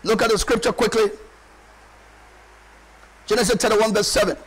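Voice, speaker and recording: A male pastor delivering a sermon in an emphatic, repetitive way and often shouting. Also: high voice, fairly even intonation, normal speed, husky, poor audio.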